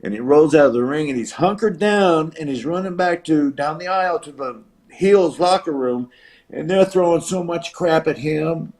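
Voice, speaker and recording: Man, 70s, from the US, retired wrestler, interview guest, animated storytelling, slightly high voice. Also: moderate pace. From United States. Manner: animated, acts out quoted voices and crowd noise. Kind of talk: storytelling anecdote.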